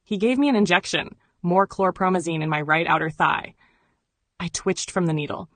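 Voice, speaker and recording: A woman reading memoir narration in an even, measured way. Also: fairly low pitch, no echo. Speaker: audiobook narrator.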